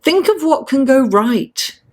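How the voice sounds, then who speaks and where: A woman giving a chatty, encouraging tarot reading straight to her viewers, laughing often and speaking in a lively, motivational way. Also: sits high, slow. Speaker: astrology and tarot reader. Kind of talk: casual tarot reading to camera.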